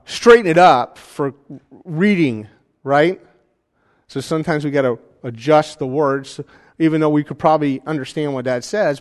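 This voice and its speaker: A man teaching a Bible study class in a casual, conversational way, often checking in with his listeners. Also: on the high side. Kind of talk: informal teaching, demonstrating software. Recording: hall reverb.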